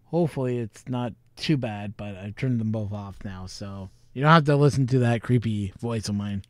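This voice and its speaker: A man's voice: lowish voice, normal speed, no echo. A man hosting a vlog in casual chat, rambling, chuckling and thinking aloud. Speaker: vlog host.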